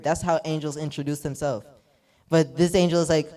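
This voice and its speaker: A man's voice: fairly high pitch, fairly even intonation, brisk, dark tone. A man preaching a sermon, reading scripture aloud and retelling it with repeated rhetorical asides.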